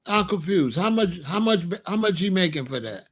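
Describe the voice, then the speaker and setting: A man's voice: sits high, very animated, moderate pace, slightly rough. A young man giving a ranting commentary, incredulous and exasperated as he scolds and asks questions.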